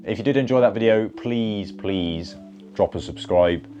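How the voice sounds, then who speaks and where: Low-voiced Bristolian man vlogging. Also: unhurried, dark tone, dull audio. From Bristol, England. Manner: chatty and upbeat, many fillers and restarts. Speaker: golf content creator. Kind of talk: casual vlog to camera. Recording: faint guitar music behind.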